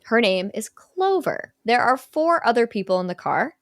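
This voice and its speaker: A woman's voice: on the high side, very animated, moderate pace, dry recording, studio quality. Chatty young woman recapping a film. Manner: chatty, many "like" fillers, quotes characters lightly. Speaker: podcast co-host recapping a film. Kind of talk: casual chat, retelling a movie plot.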